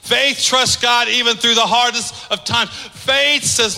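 A man preaching a sermon as pastor, emphatic, swinging between loud declarations and hushed asides. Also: very high-pitched, steady tone, unhurried, creaky, hardly any pauses. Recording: long reverb of a large hall.

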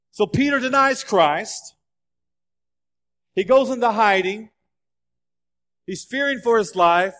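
A man preaching a sermon, telling the story with lively changes of voice as he acts out the figures. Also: high voice. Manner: animated storytelling, acting out quoted voices. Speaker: pastor. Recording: long hall reverb.

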